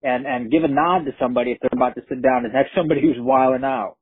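A man's voice: medium pitch, racing, noisy background. A man from Brooklyn, casually telling a story in a profane, streetwise way. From Brooklyn, New York. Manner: profane, streetwise, animated retelling. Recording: tinny phone-line recording.

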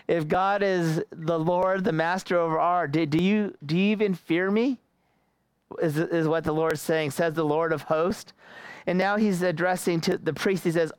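A man's voice: fairly high pitch, fairly even intonation, measured pace, clear, resonant tone, dry recording. A young man preaching a casual sermon, often repeating words and laughing between phrases.

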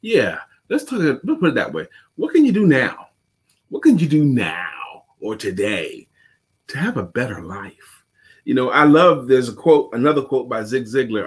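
A man's voice: medium pitch, big pitch swings, normal speed, husky. A man co-hosting a casual morning talk show, upbeat and chanting phrases for emphasis. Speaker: co-host.

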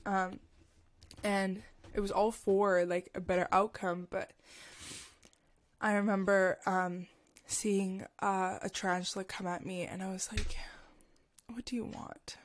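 A woman's voice: mid-range voice, flat delivery. Young woman podcaster, shaky emotional storytelling, lots of likes and ums. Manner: emotional, halting, many fillers. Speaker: podcast host. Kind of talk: personal storytelling.

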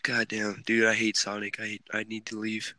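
A young man hosting a casual podcast chat, telling animated stories with lots of swearing. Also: fairly low pitch, moderate pace. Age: young adult. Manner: animated, swearing, laughing storyteller. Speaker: podcast host.

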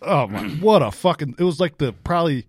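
A man's voice: on the high side, sing-song, a little fast, husky, no room sound, studio quality. A man co-hosting a boxing podcast, telling loose, profane fight stories in casual chat. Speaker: podcast co-host.

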